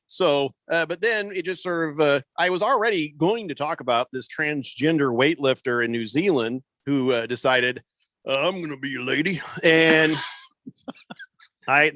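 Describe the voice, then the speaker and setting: A man's voice: on the high side, sharp tone, dry recording. A man hosting a sports talk radio show in a studio, chatting casually with lots of fillers and restarts. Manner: conversational, rambling with many fillers. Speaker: radio host. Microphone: studio microphone.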